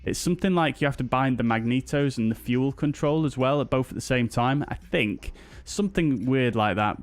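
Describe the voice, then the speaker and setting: In this casual live stream, a British man playing a flight simulator says hello to his viewers individually, often hesitating with ums and uhs. He speaks at a normal speed in a medium pitch, and faint music can be heard.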